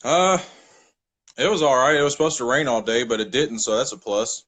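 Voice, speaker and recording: A man's voice: mid-range voice, lively intonation, fairly quick, fairly bright tone. A man from Tennessee with a Southern accent, a paranormal investigator joining by call as a guest, laid-back and friendly. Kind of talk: casual live-stream chat.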